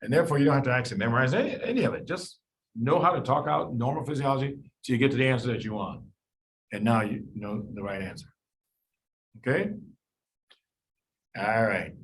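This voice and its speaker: A man teaching a live medical review class, quizzing students and talking through the reasoning in an animated way. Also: mid-range voice, low-quality recording. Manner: animated, quizzes students, quick asides with sudden quiet drops. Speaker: medical board review lecturer.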